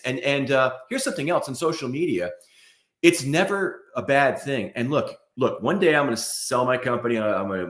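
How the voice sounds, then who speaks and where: A man's voice: medium pitch, fairly bright tone, echoey room. A man co-hosting a podcast in casual chat, talking emphatically and asking rhetorical questions. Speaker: podcast co-host.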